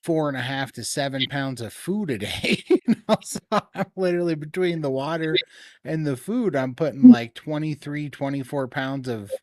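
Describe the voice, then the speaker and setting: A man's voice: fairly high pitch, normal speed, darkish tone, dry recording, studio quality. A man hosting a casual live-stream chat, easygoing and laughing often.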